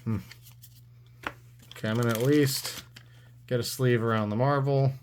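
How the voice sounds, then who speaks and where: A man's voice: mid-range voice, steady tone, moderate pace, darkish tone, a little hiss or hum. Dry, sarcastic man opening card packs. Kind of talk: casual pack-opening commentary.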